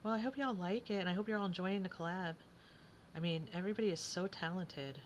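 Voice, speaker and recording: A woman's voice: fairly low pitch, fast, muffled recording, slight background noise. A woman chatting casually as she works on a craft project, thinking aloud and often dropping to a whisper.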